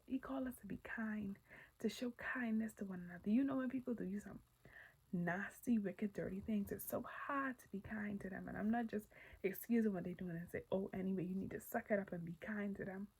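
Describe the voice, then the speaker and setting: A woman giving casual, earnest Christian encouragement. She speaks candidly, often drops to a breathy near-whisper, and gets loud and animated when telling personal stories. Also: mid-range voice, rough recording.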